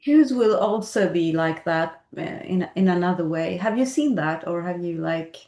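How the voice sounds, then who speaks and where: A woman host with a lowish voice, speaking in a casual chat. She mostly chimes in with short agreements, and her voice carries a roomy echo. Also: animated, normal speed, dark tone. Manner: brief agreeing interjections. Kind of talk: casual conversation.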